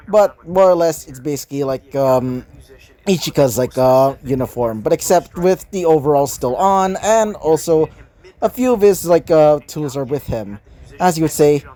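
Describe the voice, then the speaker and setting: A man's voice: a little high, mellow. A man casually narrating his own fan fiction, rambling and often correcting himself mid-sentence. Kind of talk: casual fan story reading.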